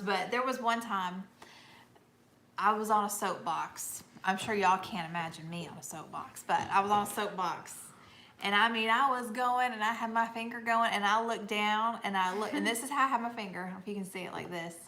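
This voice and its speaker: A woman's voice: medium pitch, normal speed, pushed and bright, slight background noise. A middle-aged woman from Northeast Georgia with a Georgia accent, hosting a casual livestream and reading viewer comments, chatty and laughing often. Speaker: livestream host.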